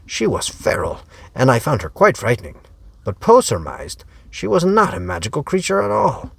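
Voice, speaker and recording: A man's voice: mid-range voice, huge pitch swings, moderate pace, vocal fry, slightly rough, no room sound. A man as an author reading his own serial novel aloud, narrating in a wry storytelling way. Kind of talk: audiobook narration.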